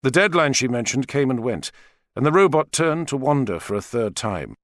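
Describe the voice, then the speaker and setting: A man narrating an audiobook in an expressive, dramatic style. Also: mid-range voice, normal speed, no room sound. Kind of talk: scripted narration.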